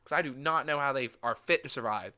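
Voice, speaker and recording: A young American man recapping a trip in casual chat, animated and gushing, swearing freely. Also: mid-range voice, quick pace, clear, resonant tone. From United States. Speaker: vlogger.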